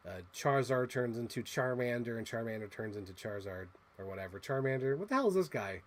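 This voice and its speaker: A man hosting a casual toy unboxing, chatty and excitable as he gushes over what he shows. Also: medium pitch, fast. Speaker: host.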